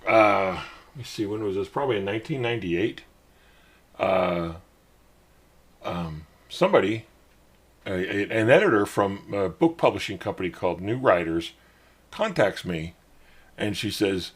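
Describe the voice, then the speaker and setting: A middle-aged man hosting his own show, telling a rambling personal story in a casual way and getting animated when he quotes other people. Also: on the low side, moderate pace, husky. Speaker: podcast host.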